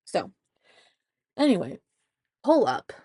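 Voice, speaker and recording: A woman's voice: fairly low pitch, wildly swooping pitch, slow, warm tone, slightly rough, no room sound. Chatty woman podcaster, dry close sound. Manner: chatty, acts out the voices in her anecdotes. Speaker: podcast host; mother. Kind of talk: casual storytelling podcast.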